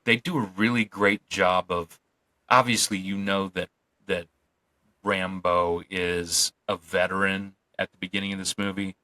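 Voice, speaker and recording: Low bright-voiced man chatting. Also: little pitch movement, measured pace, poor audio. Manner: laid-back, swears casually, short agreeing replies. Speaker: podcast co-host. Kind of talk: casual movie review chat.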